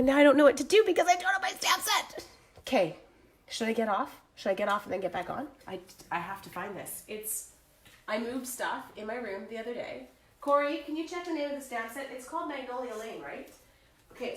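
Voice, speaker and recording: A woman's voice: a little high, a little hiss or hum. Flustered chatty woman with a cold. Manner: flustered, chatty, moves away from the camera. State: sick with a cold. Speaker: crafting livestream host. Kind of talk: casual live chat.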